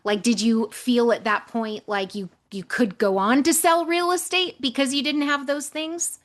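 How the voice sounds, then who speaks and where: A woman hosting a casual interview, asking questions and responding with warm affirmations. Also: high-pitched, steady tone, moderate pace. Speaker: podcast host.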